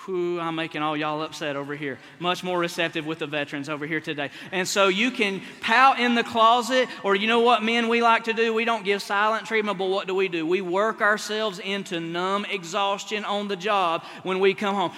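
A male pastor preaches energetically in a church, joking with and teasing the congregation in his sermon. His voice is high-pitched, unhurried and sharp in tone, with long church hall reverb on the recording.

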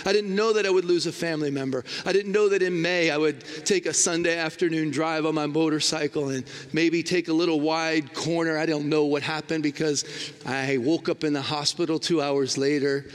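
A man's voice: a little high, fairly even intonation, fairly quick, clean tone. A man preaching a sermon, telling a personal story with emphatic, swinging delivery. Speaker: guest preacher. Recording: long hall reverb.

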